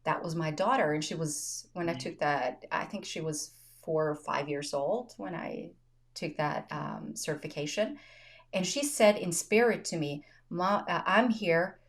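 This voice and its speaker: A woman's voice: sits low, normal speed. A woman hosting a podcast, telling personal stories in casual chat, often laughing and voicing quoted dialogue. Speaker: podcast host. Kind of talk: casual conversational storytelling.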